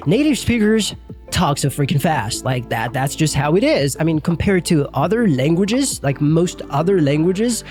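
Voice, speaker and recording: A young man runs a laid-back English lesson, rambling with plenty of fillers and an occasional curse. His voice sits a bit high for a man. Soft music plays faintly underneath. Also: big pitch swings, normal speed. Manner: chatty, loose, lots of fillers and mild swearing. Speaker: English teacher. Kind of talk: casual video lesson.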